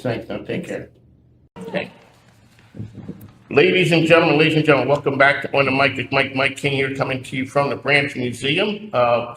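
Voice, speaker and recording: A man's voice: mid-range voice, vocal fry, fairly bright tone. A man hosting a radio talk show, chatting casually and playfully with a guest. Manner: upbeat, playful host patter. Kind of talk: casual interview chat. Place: museum. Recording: echoey room with faint noise.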